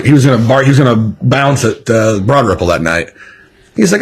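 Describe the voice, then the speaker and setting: Man, venue-owner guest: husky, expressive storyteller, loose and profane. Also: mid-range voice, brisk. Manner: animated storyteller, swears freely. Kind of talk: casual podcast chat.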